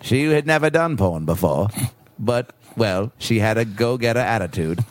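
A man's voice: fairly low pitch, expressive, normal speed, natural voice. A man imitating a solemn older male narrator, telling a mock documentary story.

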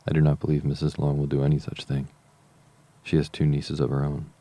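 A man reading the part of a fretful, excitable middle-aged mother in an audiobook, with a complaining tone. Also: a bass voice, fairly quick.

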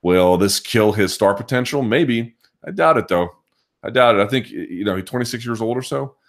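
A man hosting a live podcast chat, thinking out loud and restarting his sentences as he answers viewers' questions. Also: lowish voice, expressive, normal speed. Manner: thinking aloud, frequent restarts and hedging. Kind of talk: casual live chat commentary.

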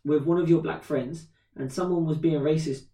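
A man in his thirties, a podcast co-host, telling a story in casual chat, animated and swearing freely. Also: fairly high pitch, moderate pace. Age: 30s. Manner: animated, swears freely, acts out quoted voices. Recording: roomy echo, distant from mic.

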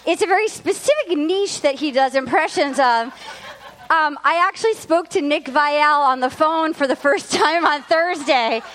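A woman with a very high, bright-pitched voice hosts a live comedy podcast from a club stage. She rambles through her stories, often dissolving into giggles as she goes. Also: moderate pace. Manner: giggly, rambling, breaks into laughter. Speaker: podcast host.

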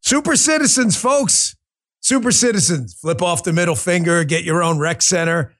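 A man hosting a political commentary podcast, talking in an animated, joking and profane way. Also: high voice, normal speed. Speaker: podcast host.

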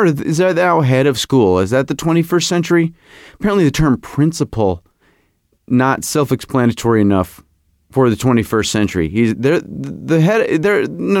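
A middle-aged man hosting a podcast, telling a comic story in a rambling, animated, self-mocking way. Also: mid-range voice, normal speed, no echo, studio quality. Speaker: podcast host. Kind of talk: comedic podcast monologue.

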